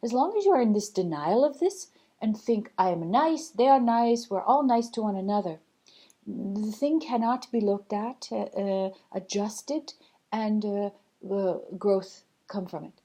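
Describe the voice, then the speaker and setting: A woman channeling a loving spirit guide, giving a slow, measured, gently instructive spiritual message with many pauses. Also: mid-range voice, animated. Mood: gentle teaching. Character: collective loving spirit guide, calm and teaching.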